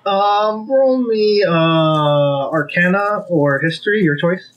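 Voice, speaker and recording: A man narrating a tabletop game as game master, pausing often with ums. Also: high-pitched, dull audio. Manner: hesitant, many ums.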